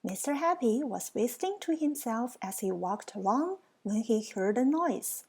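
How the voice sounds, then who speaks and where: Lady reading a storybook real slow, playful little asides, kinda higher voice. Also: expressive, darkish tone, husky. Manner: playful, teasing asides to listeners. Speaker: storybook reader. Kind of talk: reading a children's picture book aloud.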